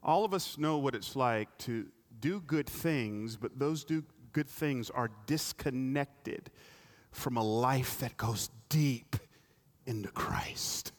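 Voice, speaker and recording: A man's voice: mid-range voice, slow pace. A male pastor preaching a sermon, telling stories and asking the congregation pointed rhetorical questions.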